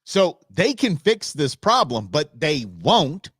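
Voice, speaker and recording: A man hosting his own show, giving blunt, animated opinion commentary from Arizona. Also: a little high, slow pace, husky, dry recording, studio quality. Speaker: show host.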